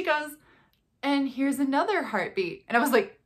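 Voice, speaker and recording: A young woman vlogging in a casual, chatty way, animated and often laughing as she acts out quotes. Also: sits high, a little slow. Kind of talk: casual chat to camera.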